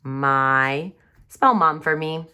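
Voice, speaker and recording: Recording an online class from home, a woman kindergarten teacher slowly sounds out words for young children and reads her story aloud with exaggerated expression. Her low voice is pushed and bright, with a clear, resonant tone.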